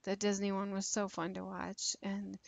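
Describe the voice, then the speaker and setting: A woman's voice: medium pitch, monotone, moderate pace, creaky, no echo. A woman chatting casually in a vlog, rambling and a bit nervous, with lots of fillers and restarts. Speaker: YouTube creator doing a tag video. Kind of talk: casual chat.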